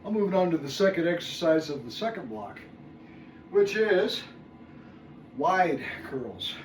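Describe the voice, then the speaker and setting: Here a fitness vlogger in his sixties, short of breath, counts repetitions aloud and grumbles and groans between sets. He sounds a little high and expressive, speaking a bit slowly. The audio comes from a phone camera placed far off in an echoey, noisy room.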